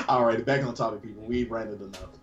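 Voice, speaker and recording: A man from the US South chatting casually as a podcast co-host, relaxed and joking. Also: lowish voice, normal speed. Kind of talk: casual chat. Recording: dull lo-fi sound with faint ambient noise.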